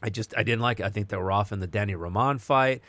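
A man hosting a boxing podcast in casual chat, animated and emphatic, going off on excited tangents. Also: fairly low pitch, quick pace, no echo.

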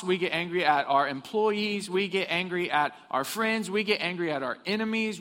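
Preaching in a church hall, a pastor asks the congregation questions and tells funny stories. He has a high, bright, forceful voice, and the recording has the long reverb of the hall.

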